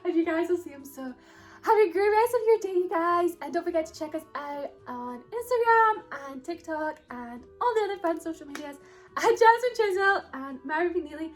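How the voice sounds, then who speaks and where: A woman's voice: very high-pitched, animated, moderate pace. A young woman hosting a casual couple vlog, giggly, playful and upbeat. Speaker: vlogger, host.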